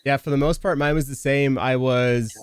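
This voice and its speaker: A man hosting a casual podcast chat, telling stories fast and animatedly with frequent swearing. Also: mid-range voice, steady tone, clean tone, dry recording, clean studio sound. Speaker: podcast host and streamer.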